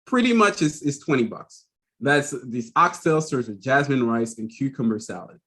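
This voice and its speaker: A man hosting a podcast in casual chat, telling animated stories, laughing often mid-sentence and acting out other people's voices. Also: mid-range voice, moderate pace. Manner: animated storyteller who acts out quoted voices. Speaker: podcast host.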